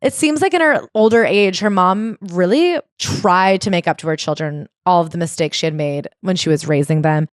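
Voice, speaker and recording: A woman co-hosting a podcast, chatting casually about a memoir, animated and jumping high in pitch when excited, swearing casually. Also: moderate pace, hardly any pauses, no echo, studio quality. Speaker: podcast co-host. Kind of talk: casual book club chat.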